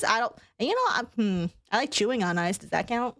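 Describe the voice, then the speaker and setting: A woman's voice: a little high, animated, normal speed, fairly bright tone, clear, resonant tone, dry recording, studio quality. A young woman streaming casual chat from home, rambling, laughing often and swearing. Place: home room.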